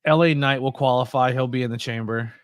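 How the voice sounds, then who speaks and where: A man's voice: mid-range voice, steady tone, brisk, clean tone, no echo, clean studio sound. A man hosting a casual livestream, chatting loosely about wrestling and telling stories with a laugh, sleepy and yawning. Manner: chatty, laid-back, laughs at own stories. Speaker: livestream host. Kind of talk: casual chat watching wrestling.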